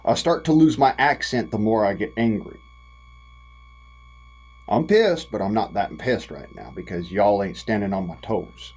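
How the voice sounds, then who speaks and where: A man's voice: lowish voice, huge pitch swings, darkish tone, low-quality recording. A man from the United States, giving an impassioned direct-to-camera rant in a folksy, profane way. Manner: folksy and profane, drawn-out emphatic phrasing. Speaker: vlogger.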